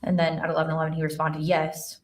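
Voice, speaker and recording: A woman witness testifies in a courtroom, her voice set somewhat low and heard from a distance. She reads out messages in a careful, matter-of-fact way, pausing on the odd filler, while the room adds a roomy echo around her. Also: completely flat delivery. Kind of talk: courtroom testimony, reading texts aloud. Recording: echoey courtroom sound from far off the mic.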